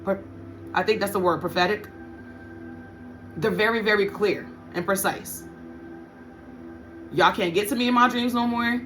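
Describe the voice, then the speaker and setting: A woman's voice: mid-range voice, normal speed, pauses often, fairly bright tone, faint music behind. A woman giving a casual tarot reading to her viewers, blunt and profane, often repeating her points for emphasis. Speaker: tarot reader.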